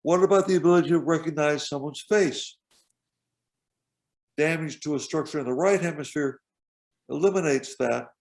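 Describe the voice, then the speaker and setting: Gravelly-voiced man giving a measured lecture. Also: fairly high pitch, a little mellow. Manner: measured, explanatory, pauses while pointing at slides. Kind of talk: slide-based lecture. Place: home, video call. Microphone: video call.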